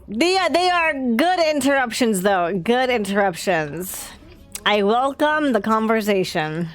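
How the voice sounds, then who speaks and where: A woman's voice: on the high side, very animated, slow pace, soft background music. A young woman streaming a game live, chatting casually and talking to herself, laughing often and sounding tired. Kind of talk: casual live-stream chat while playing.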